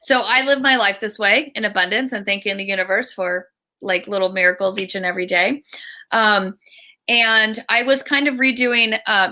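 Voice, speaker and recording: A middle-aged woman, a guest author and speaker, telling stories in an online interview, lively and acting out the voices she quotes. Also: medium pitch.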